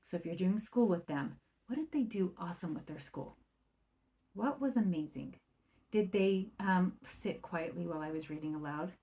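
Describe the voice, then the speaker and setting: Speaking at a normal speed in a lowish voice, a woman who works as a parenting coach chats on her solo podcast and frequently asks "right?". When quoting remarks, she acts them out in a livelier or softer voice.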